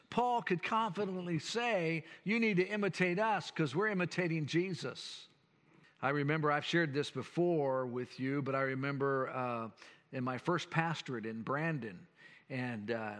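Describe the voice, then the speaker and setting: A man's voice: fairly high pitch, fairly bright tone. An older man, a pastor preaching a sermon with folksy, earnest storytelling. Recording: long church hall reverb.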